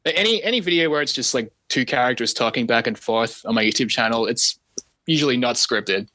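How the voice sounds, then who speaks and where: Easygoing man with a bright voice. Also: medium pitch, lively intonation, a little fast, no echo. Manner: easygoing, self-deprecating, many restarts. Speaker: guest animator. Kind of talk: casual podcast chat.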